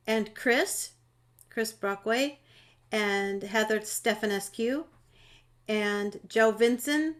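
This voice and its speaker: A woman moderating a panel discussion over a video call, chatty and friendly, with fillers and restarts. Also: fairly high pitch.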